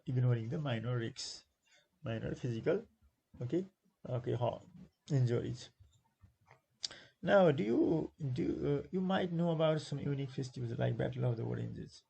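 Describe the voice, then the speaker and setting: Gravelly, husky Nepali-accented male teacher. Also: mid-range voice, warm tone, low-quality recording. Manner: repeats words slowly to stress syllables, with many fillers; switches into Nepali to explain. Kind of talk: exam-prep lesson explaining a textbook.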